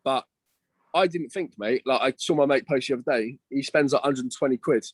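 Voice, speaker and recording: Fast-talking slangy young man. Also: medium pitch, dry recording. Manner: slangy, swears, peppers talk with "mate" and "bro". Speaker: podcast guest, bodybuilder. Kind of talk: casual podcast chat.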